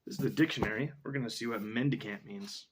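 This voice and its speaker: A man's voice: lowish voice, fast talker, very noisy. A young man casually reading a story aloud, rambling off into asides and dictionary look-ups.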